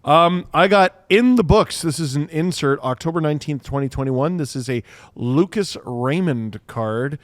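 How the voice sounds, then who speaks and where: Male co-host, high animated voice, playful banter, dry mic. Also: moderate pace, no room sound. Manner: animated, jokey, does mock shouting voices. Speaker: podcast co-host. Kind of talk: casual chat.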